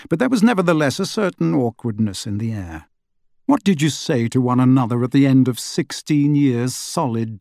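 Studio-quality and free of room sound, this recording features a man with a mid-range voice. He narrates an audiobook from a script, bringing an expressive storytelling flair.

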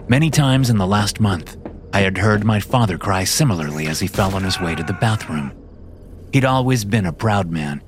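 Low-voiced man narrating a horror story.

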